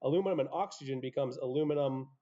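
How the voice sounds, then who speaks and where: A man's voice: mid-range voice, fast talker, dark tone, dull audio. A man teaching a chemistry class, explaining step by step with offhand asides. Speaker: high school chemistry teacher. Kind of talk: classroom lecture.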